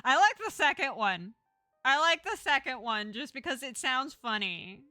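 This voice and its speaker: A woman streamer from Texas talking casually through a story game and tossing jokey asides to her chat. Her voice is bright and forward, with a close, dry sound and no echo. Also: high voice, lively intonation, normal speed, soft background music. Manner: chatty, jokey asides to viewers. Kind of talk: casual gameplay commentary, reading a story game aloud.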